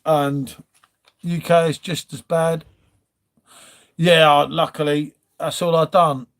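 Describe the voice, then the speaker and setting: A man's voice: a little high, little pitch movement, slow pace. A man from England hosting a casual live stream from home, rambling and chatting to viewers as he reads out their comments. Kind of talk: casual chat.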